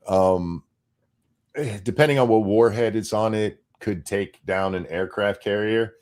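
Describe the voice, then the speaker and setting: A man with a fairly low voice co-hosts a casual political chat show. He rants bluntly, swears freely and restarts his sentences as he goes. He sounds like a talk-show regular speaking off the cuff. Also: measured pace, darkish tone. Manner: blunt, profane ranting with frequent restarts. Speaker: show co-host.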